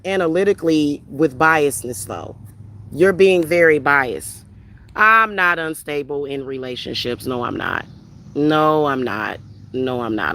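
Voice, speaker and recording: A woman's voice: low-pitched, fairly bright tone, slight background noise. A woman hosting a livestream who answers her chat in a heated, profane and confrontational rant, reading out comments and firing back. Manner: reads out viewer comments and retorts. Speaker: spiritual reader hosting a livestream.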